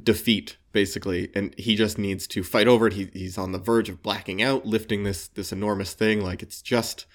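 A man with a slight New England accent, co-hosting a casual comic book podcast, eager and quick to laugh. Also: on the low side, steady tone. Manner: enthusiastic, laughs often, repeats words. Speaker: podcast co-host.

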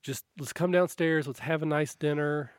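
A man doing a gentle, motherly aunt in her fifties, talking softly and coaxingly in a tabletop game. The voice sits a little higher than his own and stays hushed, with a dry, close sound. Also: steady tone, normal speed, clean tone, dry recording, close to an everyday voice. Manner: soft, coaxing, gently insistent. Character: kind motherly woman around fifty, caretaker.

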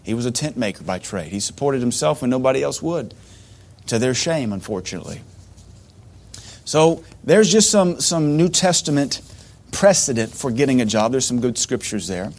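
A middle-aged man preaching a sermon as pastor, animated, with sudden loud outbursts and mocking asides. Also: medium pitch, moderate pace.

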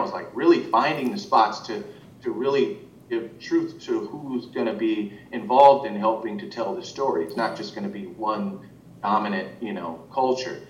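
An animation director talks at a normal speed in a casual interview, wandering through his answers with frequent fillers and restarts. His voice comes from well off-mic, giving a roomy, muffled recording with a faint rumble.

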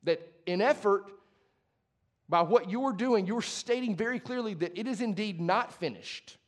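A young adult man preaching a sermon as pastor, conversational and passionate, moving from hushed to emphatic. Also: high-pitched, a little slow.

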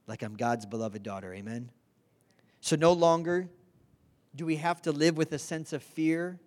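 A woman preaching a sermon, earnest and direct, who often asks the congregation to respond. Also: low voice.

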